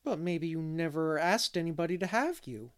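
A man's voice: a little high, lively intonation, normal speed, lightly acted. A man voicing a chatty, mischievous little boy who rambles and keeps asking questions. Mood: eager.

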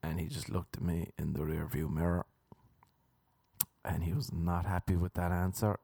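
A man's voice: low voice, steady tone, moderate pace, vocal fry, dark tone, breathy edge, dry recording. A man hosting a solo podcast, rambling off the cuff in a crude, jokey way with playful put-on voices. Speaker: podcast host. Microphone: microphone into laptop.

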